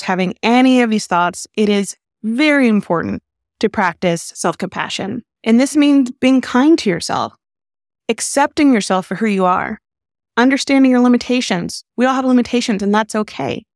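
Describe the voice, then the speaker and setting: A woman therapist hosting a podcast, calmly explaining advice in an earnest way. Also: mid-range voice, no echo, studio quality. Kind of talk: advice talk.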